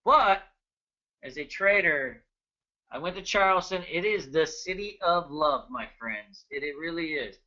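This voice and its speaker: A trading educator in his thirties, with a high, piercing, bright voice, hosts a casual live webinar. He's energetic and chatty, joking constantly and greeting viewers by name. The sound is dull and lo-fi, like a computer mic.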